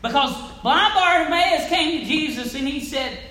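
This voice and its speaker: High-voiced woman preaching in an echoey church. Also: normal speed. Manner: rising and falling, from loud calls to near-whispers. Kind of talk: sermon. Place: church sanctuary. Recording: echoey church with faint noise.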